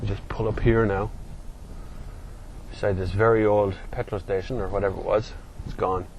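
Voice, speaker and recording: A man giving running commentary while driving, excitable and given to whoops and laughter. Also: fairly low pitch, normal speed, poor audio. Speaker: car reviewer. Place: inside a moving car. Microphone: in-car mic while driving. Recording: loud car engine and road noise.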